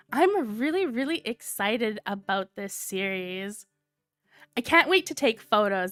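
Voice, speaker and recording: Livestream host, female, a little sick with a cold, sultry tone, slow and animated, dry close sound. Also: dry recording. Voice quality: low sultry tone. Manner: gushing, reads viewer comments aloud. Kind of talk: casual livestream chat.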